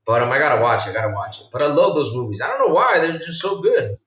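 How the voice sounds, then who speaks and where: A male podcast host chatting casually on a livestream and reacting to viewer comments, excitable and rambling, swinging between low mumbles and loud outbursts. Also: quick pace, noisy background. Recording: roomy sound from a distant mic.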